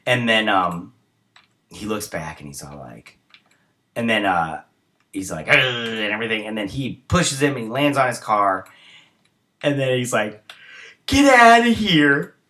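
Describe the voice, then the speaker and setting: A man's voice: on the low side, measured pace, long pauses, bright, forceful tone. A young man hosting a casual TV episode review, retelling scenes in a rambling way with many fillers and sounding tired, as it's early in the morning.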